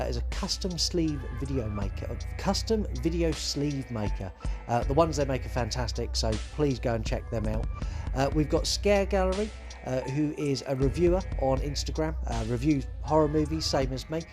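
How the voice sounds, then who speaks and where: A man's voice: medium pitch, darkish tone. A man hosting a horror podcast, talking casually and rambling with many fillers. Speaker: podcast host.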